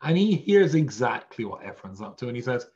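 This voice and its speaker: A man's voice: medium pitch, very animated, a little fast, darkish tone, highs cut off. A man teaching a weekly Torah lesson as a rabbi, conversational and self-deprecating. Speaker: rabbi teaching a text class.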